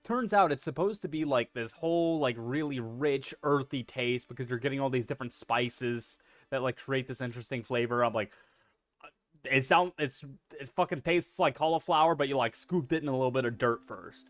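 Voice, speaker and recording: A man's voice: mid-range voice, brisk, fairly bright tone, no echo. A man streaming a video game, chatting casually in a rambling, self-deprecating way and swearing freely. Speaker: VTuber streamer.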